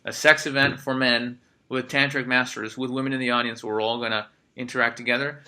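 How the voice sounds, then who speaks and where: A man hosting a podcast, talking in a loose, energetic way and swearing freely as he chats. His voice is very bright and sharp, at a middling pitch for a man. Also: brisk, clear, resonant tone. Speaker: podcast host. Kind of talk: casual podcast chat.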